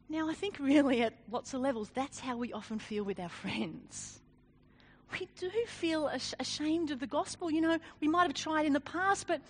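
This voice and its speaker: Lively high-voiced woman preaching. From Australia. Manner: animated, self-deprecating, laughs often. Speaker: speaker. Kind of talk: sermon with personal story.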